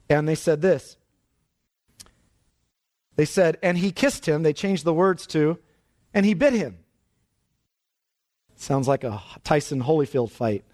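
A male preacher with a high voice that leaps up and drops low as he works through the text. He keeps putting questions to his listeners. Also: darkish tone. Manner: dramatic swings in pitch and pace for emphasis; asks the audience questions. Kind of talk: expository sermon.

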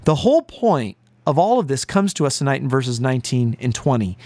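A man's voice: mid-range voice, sing-song, a little fast, darkish tone, no echo. A man preaching an earnest, emphatic sermon as pastor. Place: broadcast to listeners at home and on the road.

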